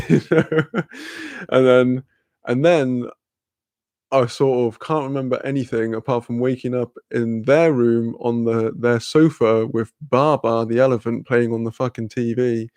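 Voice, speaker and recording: A man's voice: medium pitch, steady tone, normal speed, a little mellow, no echo. A young man telling a rambling, sweary story in casual chat, laughing often. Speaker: channel host.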